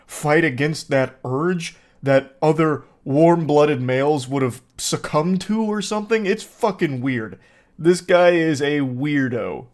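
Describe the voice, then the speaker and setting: Sarcastic man doing reaction commentary. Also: a little high. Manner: sarcastic, swearing, mocking reads of quoted texts. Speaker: commentary host. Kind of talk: reaction commentary reading texts aloud.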